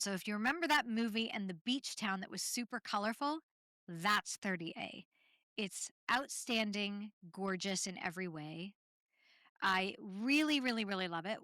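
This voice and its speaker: A chatty woman from Canada hosting her own podcast, spinning loose, laughing stories packed with ums and tangents. Her voice is bright and forward on a close mic, and the dry room adds no echo. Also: mid-range voice. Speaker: podcast host. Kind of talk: solo podcast storytelling.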